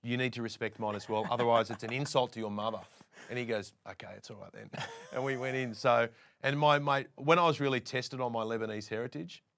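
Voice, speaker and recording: A briskly speaking Australian with a mid-range voice, this presenter is on as a guest. He shares casual stories with liveliness, giving voice to what other people said.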